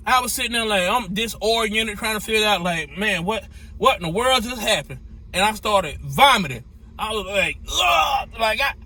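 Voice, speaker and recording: A man, a truck driver telling a story in a lively, repetitive way with folksy slang. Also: high voice. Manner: animated, repeats phrases, folksy slang. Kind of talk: storytelling to camera.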